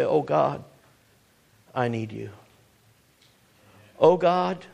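A man preaching a sermon, full of rhetorical questions and scripture read in old-fashioned wording, stumbling and repeating words as he drives his points home. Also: sits high. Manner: emphatic, rhetorical questions, swings to hushed tones; repeats words and restarts often.

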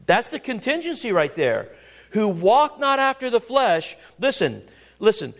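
A man preaching a sermon, reading scripture aloud and pressing his points with repeated words and questions to the congregation. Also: high voice.

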